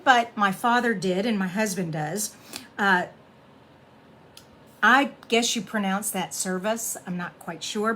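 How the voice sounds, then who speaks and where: A middle-aged woman hosting a casual card-making tutorial, chatting warmly and laughing as she reads sayings aloud. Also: mid-range voice, a little hiss or hum.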